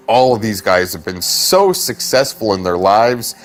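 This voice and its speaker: A man's voice: on the low side, very animated. A man mocking his targets sarcastically on a livestream, drawing out his words. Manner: sarcastic, drawn-out, chuckling.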